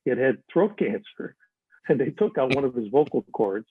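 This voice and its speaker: An older man, a guest in a casual chat, tells stories in a lively, animated way and slips into other voices when quoting people. His slightly husky, mid-range voice moves at a normal speed and comes over a dry, tinny, phone-like line with no echo.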